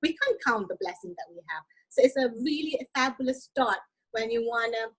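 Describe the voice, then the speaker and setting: High, enthusiastic woman coach. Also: expressive, fairly quick, rough recording. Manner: enthusiastic, sprinkles in "like" and tag questions. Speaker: guest coach. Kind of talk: casual interview chat.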